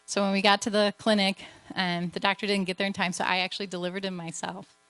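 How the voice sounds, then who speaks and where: A woman's voice: mid-range voice, flat delivery, fast, a bit bright, clear, resonant tone, no echo. A woman missionary giving an earnest, emotional testimony to a church. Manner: earnest storytelling, emotional at times.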